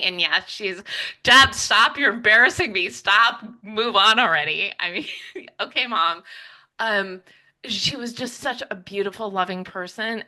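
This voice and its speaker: A woman speaks as an interview guest in a bright, forward voice. She is reflective and heartfelt, and her sentences run on quickly with frequent restarts. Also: mid-range voice, low-quality recording. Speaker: podcaster and writer, interview guest. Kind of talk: heartfelt conversational interview answers.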